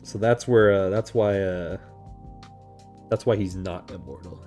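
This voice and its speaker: A young man chatting casually on a livestream, animated and laughing often. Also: sits low, unhurried, faint music behind. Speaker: animator streamer.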